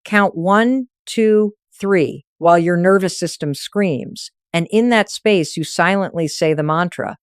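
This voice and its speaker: A woman's voice: on the low side, a little slow, hardly any pauses, clear, resonant tone, dry recording, studio quality. A woman narrating a scripted motivational talk, coaching firmly in short, punchy phrases.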